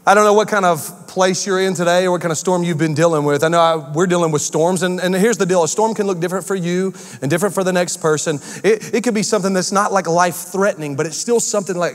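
A male pastor preaching a sermon in a church, acting out quotes with shifts in pitch and pace. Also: quick pace, hardly any pauses, long reverb tail.

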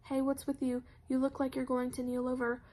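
A woman's voice: high-pitched, monotone, fairly quick, warm tone. A woman voicing a blunt, crude teenage boy.

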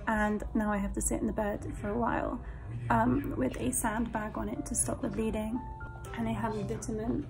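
A woman's voice: on the high side, gravelly, poor audio. A young British woman talking openly and a little nervously in a casual video diary. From Britain. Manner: chatty and open, nervous. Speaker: vlogger.

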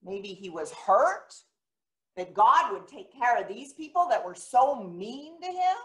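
Slow, lively woman telling a children's sermon. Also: on the high side. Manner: gentle, storytelling, asks children questions. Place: church sanctuary. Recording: echoey church room.

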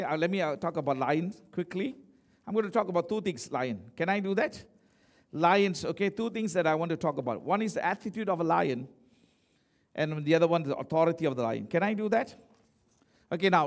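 Man, pastor, sermon, high voice, emphatic, asks questions.

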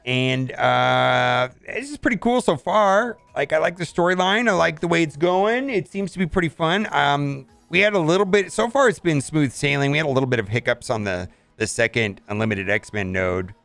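A man's voice: fairly high pitch, normal speed, creaky, few pauses, fairly bright tone, dry recording, faint music behind. A man casually commenting on a mobile game as he plays, thinking aloud and often saying "all right".

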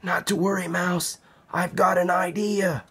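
A man voicing a well-meaning male rabbit in a picture book, soft-spoken and calm, with a gravelly edge. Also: sits high, measured pace, heavily acted. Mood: reassuring.

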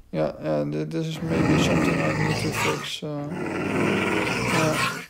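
A man's voice: fairly high pitch, animated, slow pace, vocal fry. A man giving casual gameplay commentary, talking to the dogs in the game, puzzled and mocking himself. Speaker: gaming commentator. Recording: loud background noise.

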